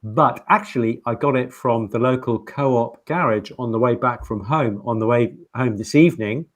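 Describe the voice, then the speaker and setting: A man co-hosting a pet-health show, wryly describing cheap wine in a halting, joking way. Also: medium pitch. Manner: wry, halting storyteller. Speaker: vet co-host of a live pet-health show. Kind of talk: casual banter over drinks.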